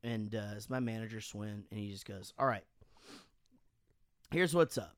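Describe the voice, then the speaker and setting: A man casually telling animated stories on a podcast, swearing freely and acting out quotes, sounding a bit drunk. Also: fairly low pitch, moderate pace, no echo, clean studio sound. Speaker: podcast host and band frontman. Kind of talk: casual storytelling chat.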